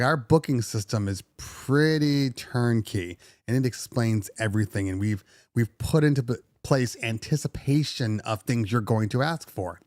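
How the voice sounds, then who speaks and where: Middle-aged male host, animated casual rant, mid pitch, dry close sound. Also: no echo. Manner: animated, venting with sarcastic voices. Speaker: DJ podcast host. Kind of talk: casual livestream talk.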